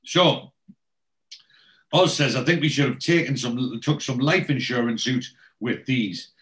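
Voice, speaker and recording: A man chatting casually as a podcast host. He retells scenes from a show and quotes each character's lines in a lively storytelling way. His voice sits at an ordinary pitch. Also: unhurried, low-quality recording.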